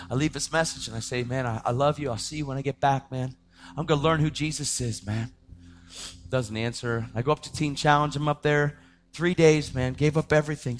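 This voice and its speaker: A young adult man telling a personal testimony in a casual way, often saying "man", his voice rising to shouts at the most intense moments. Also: mid-range voice. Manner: casual, says "man" and "dude" a lot. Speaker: speaker sharing his testimony.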